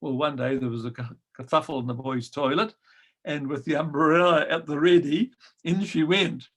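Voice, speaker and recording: Older man telling wry stories, gravelly. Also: fairly high pitch, fairly even intonation, moderate pace. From New Zealand. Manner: gentle, wry storytelling with frequent ums. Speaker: guest storyteller. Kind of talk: reminiscing anecdote.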